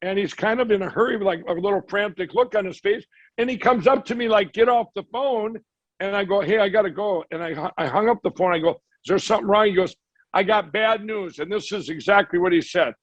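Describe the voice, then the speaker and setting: A man with a fairly high voice tells a rambling story, slipping into the voices of the people he quotes. The sound is dry and close, with slightly dull audio. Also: fast, no room sound. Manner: rambling, acts out quoted dialogue. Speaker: guest. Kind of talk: storytelling in a conversation.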